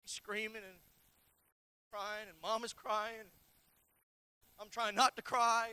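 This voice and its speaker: A male pastor preaching a sermon, telling a personal story and swinging between loud, urgent lines and hushed ones. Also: high-pitched, flat delivery, slow, smooth. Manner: personal storytelling with repeated phrases.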